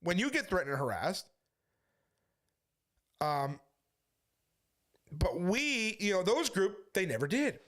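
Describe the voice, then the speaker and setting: A man who is a street preacher, briskly telling a story to his viewers and quoting the back-and-forth as he goes. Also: high voice, big pitch swings, a bit bright. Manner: brisk retelling full of quoted back-and-forth. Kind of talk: casual storytelling monologue.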